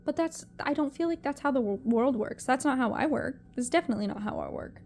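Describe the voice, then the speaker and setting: A woman's voice: sits high, lively intonation, fast talker, a little mellow, a little hiss or hum. A young woman talking to camera in a personal vlog, emotional and rambling, often repeating herself. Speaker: vlogger.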